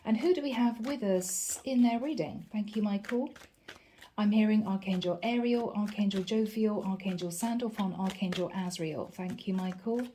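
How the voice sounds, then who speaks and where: A woman's voice: medium pitch, moderate pace, warm tone, slight background noise. A woman giving a channeled tarot reading to her viewers, earnest and encouraging, often repeating her key phrases. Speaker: tarot reader.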